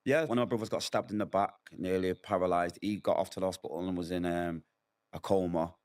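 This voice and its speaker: This middle-aged man's voice is low, steady, and darkish, and he talks fast. Sitting for an interview, he shares a difficult chapter of his life candidly and with feeling, reenacting what people told him.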